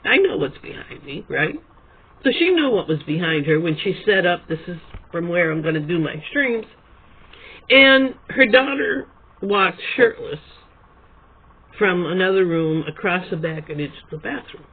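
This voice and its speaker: A man's voice: high voice, animated, measured pace, husky. A man telling a long, digressive story to his camera at home, chatty and prone to correcting himself. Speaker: video blogger. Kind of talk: rambling storytelling monologue. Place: room at home with a quilt behind him. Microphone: camera at his desk. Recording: tinny phone-like sound.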